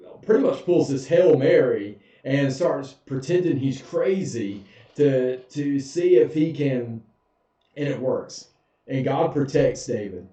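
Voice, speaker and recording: A man's voice: mid-range voice, mellow. A man, a pastor giving a casual, humorous Bible study in a church sanctuary. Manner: folksy, humorous, chuckles often. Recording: echoey, dull, far from mic.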